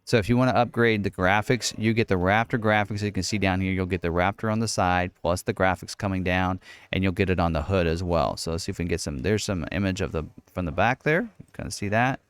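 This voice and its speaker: Low, smooth-voiced man rambling casually. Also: fast, no echo. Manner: rambling, thinks aloud with many fillers. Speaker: car channel host. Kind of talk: casual screen walkthrough.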